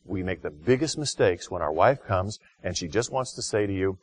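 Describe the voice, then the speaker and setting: A middle-aged man preaching a sermon in a conversational way, rising to loud, slow, emphatic phrases for stress. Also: sits low, expressive. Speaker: pastor.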